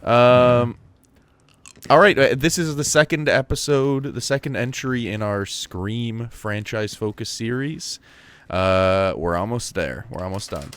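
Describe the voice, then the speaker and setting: A young man co-hosting a podcast in casual chat, chatty and quick to laugh at himself. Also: mid-range voice, a bit bright, clean tone, dry recording. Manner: chatty, laughing, self-deprecating. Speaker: podcast co-host.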